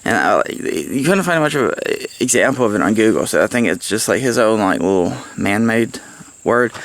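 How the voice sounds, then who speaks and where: A man rambles through a casual book report at home, cursing now and then and cracking himself up. His voice is low and gravelly. He talks with a lively, wandering pitch. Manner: rambling, profane, laughs at own jokes. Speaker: book reviewer. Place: at home, with pets around.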